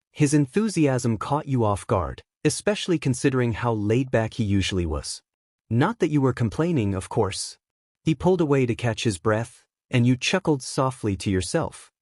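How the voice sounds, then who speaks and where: A man narrates a story at a middle pitch in a steady, even reading manner. The recording is dry and close, with no room sound. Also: dry recording. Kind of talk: scripted narration of reader-insert fan fiction.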